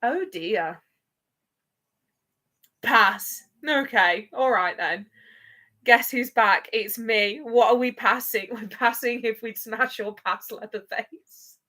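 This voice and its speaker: A woman's voice: on the high side, slow, bright, forceful tone. A woman hosting a live watch-along, chatting playfully with viewers and laughing often. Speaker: livestream host.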